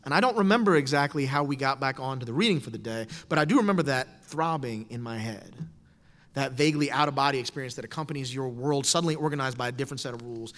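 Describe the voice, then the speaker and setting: A middle-aged man telling a wry personal story to an audience in a lecture hall. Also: mid-range voice. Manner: animated, wry, storytelling with quoted voices. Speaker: speaker giving a talk. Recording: lecture hall with long reverb.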